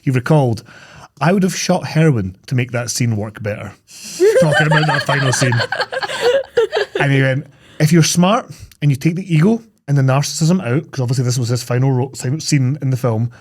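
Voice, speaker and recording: Animated man retelling film scenes. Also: medium pitch. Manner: animated storytelling, acting out quoted lines. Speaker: podcast co-host. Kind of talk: casual film chat. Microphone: studio podcast mic.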